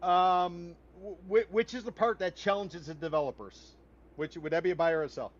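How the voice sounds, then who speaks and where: A man with a high, lifted voice argues his point bluntly and emphatically, with a folksy turn of phrase. The sound is a little dull and lo-fi, like a podcast debate. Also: normal speed, crowd noise. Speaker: podcast host.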